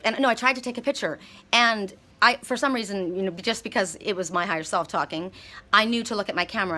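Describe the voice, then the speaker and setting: A middle-aged woman giving a casual spiritual card reading outdoors, telling animated stories with frequent restarts. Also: medium pitch, slight background noise. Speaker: oracle card reader. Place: outdoors by water, California.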